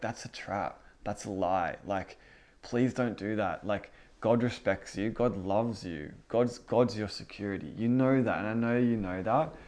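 A man's voice: on the low side, a little mellow. A young man in his twenties giving a casual spoken teaching as a youth pastor, talking in a conversational way with frequent fillers and repeated words.

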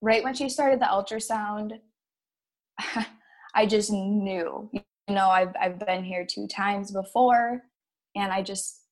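A woman's voice: medium pitch, steady tone. Emotional woman recounting a hard story. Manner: emotional, halting, with nervous laughs. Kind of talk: personal story.

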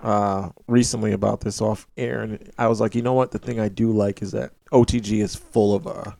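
This man has a low voice with a gravelly edge, recorded dry and close. He chats casually as a podcast guest, rambling a little and filling pauses as he goes. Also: fairly even intonation, warm tone, no echo. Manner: rambling, hesitant with fillers.

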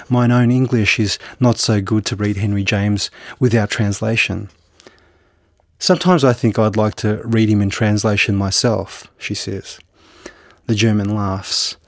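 Halting, low-voiced novelist in interview. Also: male voice, no room sound, clean studio sound. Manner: hesitant, halting with restarts and fillers. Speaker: novelist guest. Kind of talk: conversational interview and book reading.

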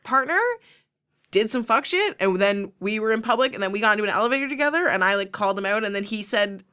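A woman's voice: medium pitch, fast, clean tone. A woman hosting a podcast, chatting casually and telling stories with lots of laughter and acted-out quotes. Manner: animated, laughing storyteller who acts out quotes. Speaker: podcast host. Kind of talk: casual chat.

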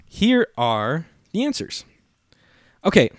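A man's voice: on the high side, huge pitch swings, slow pace, dry recording, clean studio sound. A young man co-hosting a casual podcast, joking crudely and stumbling over foreign titles. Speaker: podcast co-host. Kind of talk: casual chat.

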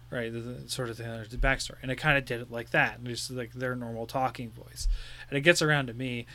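Bright-voiced young man chatting. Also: medium pitch, steady tone, fast talker. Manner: rambling, laughing, full of fillers. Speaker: podcast co-host. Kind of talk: casual chat.

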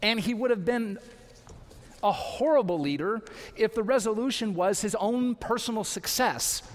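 A man's voice: high voice, normal speed. A man pastor giving an earnest sermon, pressing his point with rhetorical questions. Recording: long hall reverb.

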